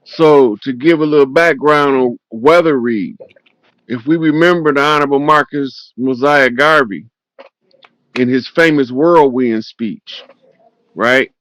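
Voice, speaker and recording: A man speaks as a guest on a livestream, with a dry, close sound. He explains his ideas in a steady, lecturing way. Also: medium pitch, unhurried, dry recording, low-quality recording. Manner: instructive, lecturing on spiritual lore. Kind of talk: casual livestream chat.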